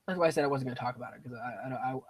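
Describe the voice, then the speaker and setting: A man's voice: medium pitch, rapid-fire, breathy edge, poor audio. A young man streaming a strategy game, chatting casually and drifting into side stories while talking to himself about his moves. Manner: rambling, digressive, talks to himself about the game. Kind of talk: casual gameplay commentary.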